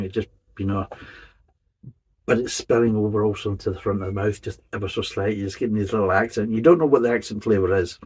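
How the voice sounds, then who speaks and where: A man's voice: lowish voice, a little mellow, breathy edge, poor audio. A man giving a casual, methodical beer review, describing each flavour in detail. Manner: methodical, detailed tasting commentary.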